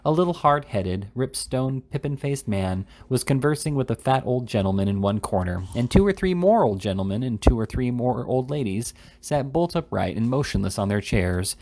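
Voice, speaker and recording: A man narrating a classic novel as an amateur audiobook reader, steady with small stumbles. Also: medium pitch, moderate pace, few pauses.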